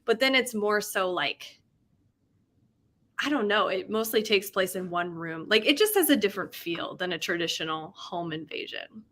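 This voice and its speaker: A woman's voice: mid-range voice, expressive, normal speed, fairly bright tone. A young woman hosting a casual livestream, chatting in a rambling way, laughing often and reading out chat comments. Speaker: livestream host.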